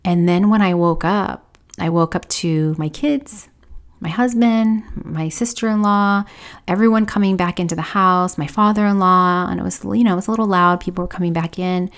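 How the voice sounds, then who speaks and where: A woman podcast host telling a personal story in a confessional way, often dropping to a hushed whisper when quoting people. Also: fairly low pitch.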